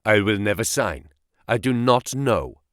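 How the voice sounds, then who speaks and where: A man voicing a starving Greek captive who answers in a low, weary, stubborn voice. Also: animated, a little slow, dry recording, clean studio sound. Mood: defiant.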